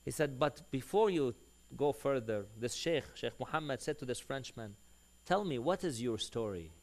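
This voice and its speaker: A man's voice: mid-range voice, normal speed, gravelly. A man preaching a sermon, telling a long story and acting out the dialogue of its people. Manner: animated storyteller who acts out quoted dialogue.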